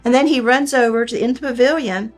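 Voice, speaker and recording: A woman's voice: on the high side, fast, soft background music. An older woman earnestly recounting a personal experience in plainspoken, folksy speech. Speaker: storyteller recounting a near-death experience. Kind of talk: personal storytelling.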